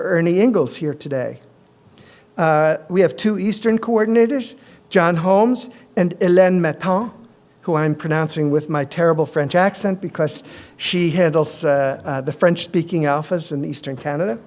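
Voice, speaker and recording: A middle-aged male physician giving a conference presentation, measured, with frequent ums and uhs. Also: fairly high pitch, darkish tone.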